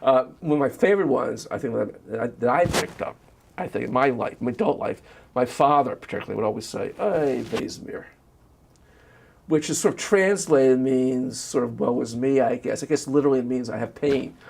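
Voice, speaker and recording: An older man and former teacher, recalling family memories in an oral history interview with a reflective, anecdotal manner that trails off softly. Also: mid-range voice, fairly quick, creaky, slight background noise.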